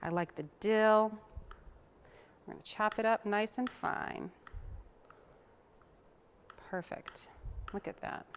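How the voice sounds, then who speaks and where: This cooking show host speaks slowly in a mid-range voice with fairly even intonation and long pauses, over slight background noise. Chopping and mixing as she goes, she talks to viewers in a relaxed, homey manner and sometimes wanders off-mic.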